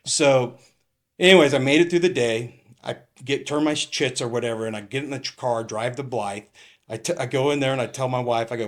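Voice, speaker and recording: Rambling retired cop telling stories. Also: male voice, mid-range voice, a little fast. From California. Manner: rambling, swears, acts out quoted lines. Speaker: retired police captain, podcast guest. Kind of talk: casual storytelling interview.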